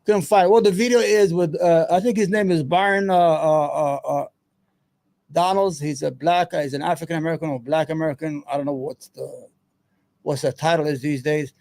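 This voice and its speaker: A man's voice: a little high, steady tone, moderate pace, creaky, a little mellow. A man hosting his own commentary show, talking loosely and profanely, muttering to himself as he searches for things between points. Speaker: solo commentary host. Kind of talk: rambling casual commentary.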